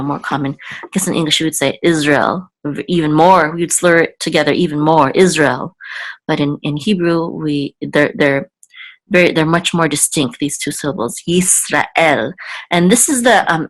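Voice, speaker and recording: A woman teaching a reading lesson, patiently repeating and slowly sounding out each word. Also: sits low. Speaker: Hebrew teacher. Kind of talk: explaining a reading lesson to camera.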